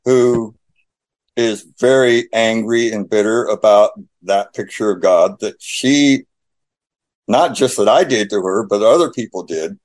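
A man sharing a personal faith testimony in conversation, telling his story in animated style and acting out the dialogue. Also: on the low side, measured pace.

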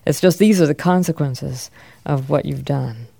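A man's voice: a little high, normal speed, gravelly, mellow, no echo, clean studio sound. A man teaching a class, reading scripture aloud and asking his students questions in a conversational way.

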